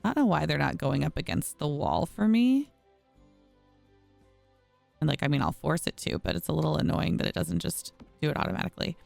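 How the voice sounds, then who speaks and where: Deep and sing-song, her creaky, slightly mellow voice runs fairly quickly with frequent pauses, no room sound, and soft music behind. She gives casual commentary while streaming a home-building game, chatty and exasperated, calling her audience y'all.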